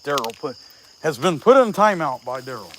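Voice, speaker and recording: A folksy man from Southeast Ohio talks with a country twang in a fairly high voice, joking and greeting viewers by name as he works outside. Crickets and insects buzz faintly behind him in the open air. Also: big pitch swings, normal speed, bright, forceful tone, a little hiss or hum, poor audio. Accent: Appalachian Ohio. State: out of breath. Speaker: chainsaw carver livestreaming. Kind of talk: casual livestream chat while working. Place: outdoors at a rural carving spot.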